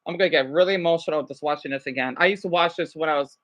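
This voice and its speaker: A woman live-streaming, chatting casually to her viewers in a rambling, excitable way, full of fillers. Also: low-pitched, racing.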